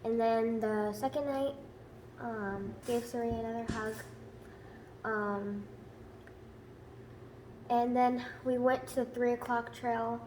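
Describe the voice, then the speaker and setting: Young-sounding woman, flat and halting. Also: on the high side. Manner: halting, many fillers, plain recounting. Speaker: attendee giving testimony. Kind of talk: hesitant personal testimony. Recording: roomy echo with faint noise.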